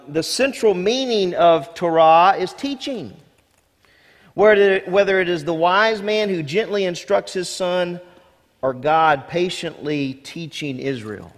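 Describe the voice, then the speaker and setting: A male pastor delivers a sermon in a high voice, pressing each point with repeated words and rhetorical questions. His voice rings out with a long reverb, as in a large church hall. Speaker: senior pastor.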